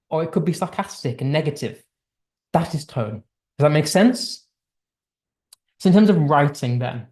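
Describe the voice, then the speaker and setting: A man's voice: on the high side, a little mellow. A young British man teaching an English lesson. He explains patiently, repeats his points and keeps checking that his listener understands. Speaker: English tutor.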